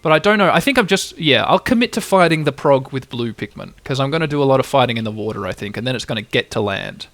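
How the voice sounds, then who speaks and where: A man's voice: mid-range voice, expressive, fast talker, hardly any pauses, fairly bright tone, no room sound. A man hosting a let's play, chatting casually and thinking aloud with frequent restarts as he plays. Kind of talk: casual gameplay commentary.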